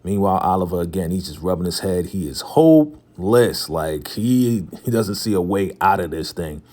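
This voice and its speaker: A man's voice: low-pitched, expressive, moderate pace, mellow. A young man casually recapping a TV drama episode, retelling scenes by quoting the characters in loose paraphrase and chuckling now and then. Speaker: TV recap host.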